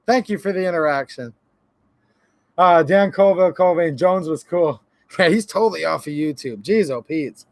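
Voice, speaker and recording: High-voiced jokey livestream host. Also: male voice, normal speed, dry recording. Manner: laughs a lot, reads chat aloud, jokey. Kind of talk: casual live-stream chat.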